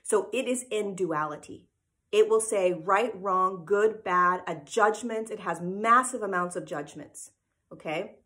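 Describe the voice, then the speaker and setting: A woman's voice: medium pitch, a little slow, a bit bright. Earnest woman teaching, "right?" after points. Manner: earnest and emphatic, often checking in with "right?". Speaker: spiritual teacher. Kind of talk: informal spiritual teaching talk. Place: live event replay.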